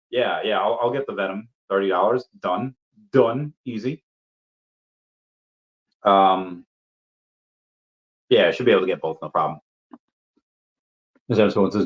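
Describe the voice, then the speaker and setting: A man's voice: on the low side, unhurried, long pauses. A man hosting a casual livestream, reading viewer comments aloud and answering them with playful asides. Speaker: livestream host. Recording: dull lo-fi stream audio.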